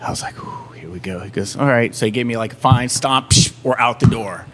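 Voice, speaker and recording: Guest musician, male, lively storyteller who does the voices of people in his tale, faint background noise. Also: medium pitch, fairly quick. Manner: animated storyteller, acts out other people's lines. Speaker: touring band musician, guest. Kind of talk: casual storytelling chat.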